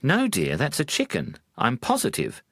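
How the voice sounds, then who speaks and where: A man's voice: medium pitch, huge pitch swings, moderate pace, gravelly, dry recording, clean studio sound, voice pushed up, heavily acted. A man voicing a stubborn young newlywed wife in a storybook tale, insisting and pleading. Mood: insistent.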